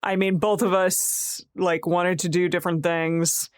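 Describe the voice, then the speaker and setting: A woman's voice: fairly low pitch, level tone, unhurried, dry recording, clean studio sound. A woman co-hosting a podcast in casual chat, making wry joking asides. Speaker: podcast co-host.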